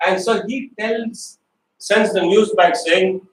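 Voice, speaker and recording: A high-pitched man preaches from a distance in a roomy, echoing hall, with faint ambient noise behind him. He retells the story with lively storytelling, voices the characters himself and checks in with his listeners as he goes. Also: slow pace. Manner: storytelling, acts out quoted voices, asks the congregation questions. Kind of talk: animated sermon. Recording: echoey hall, recorded from far off.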